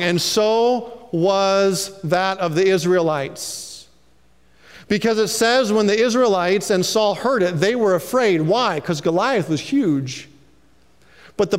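High-pitched pastor guy preaching, lively and preachy, big church reverb. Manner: animated, preachy, calls for amens. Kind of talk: sermon.

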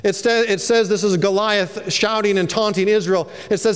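A man pastor preaching an animated sermon to a congregation, calling out for amens. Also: sits high, normal speed, few pauses, smooth, long reverb tail.

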